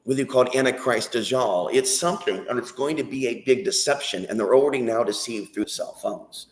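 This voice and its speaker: On his own channel, a man delivers an intense, rambling spiritual monologue and prayer, swearing freely. His medium-pitched voice moves a little fast, and the recording is echoey.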